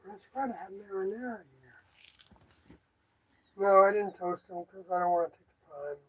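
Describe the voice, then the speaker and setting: Husky-voiced partner teasing in casual chat. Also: medium pitch, normal speed, rough recording.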